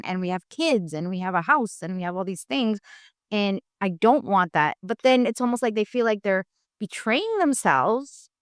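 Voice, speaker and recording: A woman's voice: medium pitch, a bit bright, clean tone, no echo. A woman host with a middle-range voice chats loosely with her guest and wanders through her thoughts with lots of fillers. The recording is close and dry. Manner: rambling, filler-heavy, searching for words. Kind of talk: casual chat interview.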